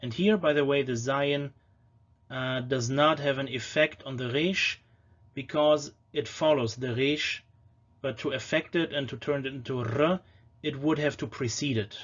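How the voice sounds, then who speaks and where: Male lecturer, mid pitch, patient explainer who slows to sound out words; slightly dull lo-fi recording. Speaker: language lecturer. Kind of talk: educational lecture on pronunciation.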